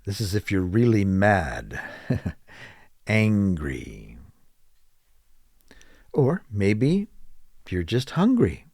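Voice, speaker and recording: A man with a lowish voice teaches English at a very slow, careful pace. He repeats each phrase for learners and acts out sample answers. His pitch moves a lot, and the close mic leaves the sound dry. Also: sing-song, a little mellow, dry recording.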